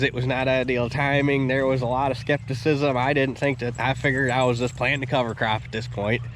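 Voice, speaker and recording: A man with a stuffy, nasal voice rambles cheerfully through a farm vlog, often restarting his sentences. He sits at a middle pitch for a man. The recording is made outdoors by a field, with a faint hiss behind him. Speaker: farm vlogger. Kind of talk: casual vlog commentary.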